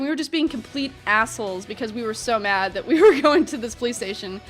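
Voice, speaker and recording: A young woman vlogger telling a story in an animated, chatty way, full of fillers. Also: sits high, quick pace. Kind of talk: storytime vlog.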